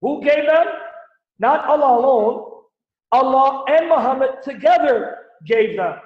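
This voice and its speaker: A Christian apologist with a very high-pitched, expressive voice hosts a livestream teaching on the Bible and the Quran at a measured pace. He reads scripture aloud and animatedly presses his audience with rhetorical questions, over echoey, dull lo-fi stream audio.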